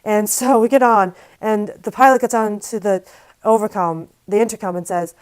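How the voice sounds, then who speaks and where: A woman vlogger telling a story to camera in a casual, animated, exasperated way, with lots of "like". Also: medium pitch, normal speed, smooth, low-quality recording. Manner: casual, filler-heavy speech with frequent "like".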